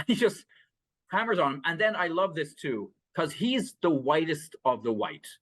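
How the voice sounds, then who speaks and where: A man's voice: on the high side, sing-song, normal speed, a bit bright, no room sound. A man co-hosting a casual film podcast, rambling through plot summaries with many fillers, restarts and laughs. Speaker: podcast co-host.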